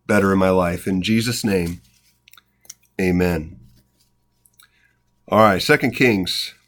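Man reading scripture with devotional asides. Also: lowish voice. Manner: unhurried, reflective, with short spontaneous comments. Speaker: devotional Bible reader.

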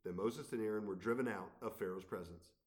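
A man's voice: on the low side, brisk. Earnest man teaching from scripture. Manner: earnest, expository. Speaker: Bible teacher. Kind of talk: scripture reading with commentary.

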